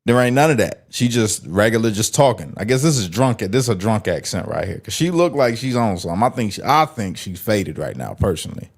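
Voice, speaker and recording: Talking back to a clip he's watching, a male streamer ridicules it in crude, blunt street slang, cutting in any time it irritates him. His voice sits on the low side and is husky, swinging widely in pitch as he speaks fairly quickly with hardly any pauses, loose and conversational.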